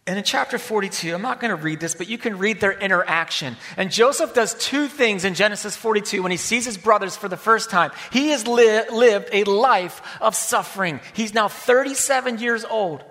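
High-voiced male preacher in a reverberant hall. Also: normal speed, hardly any pauses. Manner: dynamic, swings from loud emphasis to hushed near-whispers. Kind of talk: sermon.

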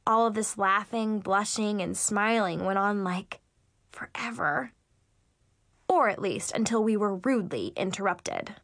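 A woman reading a storybook aloud in the first person, chatty and expressive. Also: medium pitch, moderate pace, no echo, studio quality. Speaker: audiobook narrator.

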